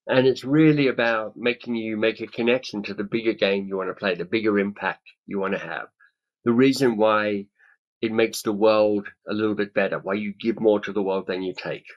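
Dull audio from a webcam carries the lowish, fairly even voice of a man in his fifties speaking at a moderate pace. An author and webinar speaker, he leads a coaching webinar over video call, eagerly acting out others' responses.

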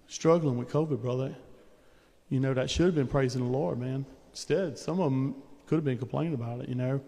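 A male preacher with a drawl talks through his sermon in a folksy, conversational way. His voice is dark and mellow, and it rings out with a long reverb through the church sanctuary. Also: mid-range voice.

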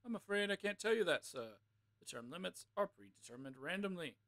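A man's voice: high-pitched, animated, a little fast, a bit bright, voice pushed up. A man voicing a polite male robot clerk who speaks in a stiffly formal way, reading a game log aloud. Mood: prim, formal. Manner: stiffly formal, repeats "sir" and "ma'am". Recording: game music playing underneath.

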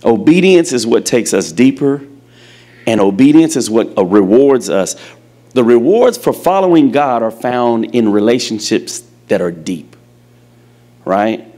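A man preaching a sermon, emphatic and animated, calling out questions to his congregation. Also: medium pitch, measured pace. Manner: animated storytelling.

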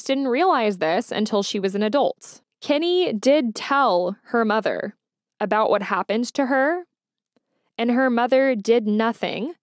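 A woman's voice: fairly high pitch, dry recording. Indignant woman podcaster, dry sound. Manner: emotional, indignant, conversational. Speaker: podcast host. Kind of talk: solo true-crime podcast monologue.

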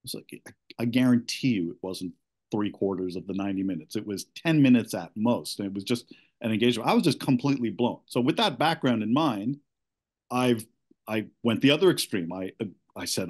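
A middle-aged man seeking coaching, giving a candid, halting account of his marriage with many restarts. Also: on the low side, expressive.

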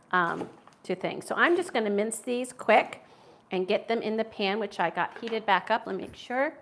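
A woman's voice: fairly high pitch, fairly bright tone, slight background noise. Chatty american woman cooking at home. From United States. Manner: chatty and self-deprecating, talking while she cooks. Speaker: cooking livestream host. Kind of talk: casual cooking livestream chat. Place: home kitchen.

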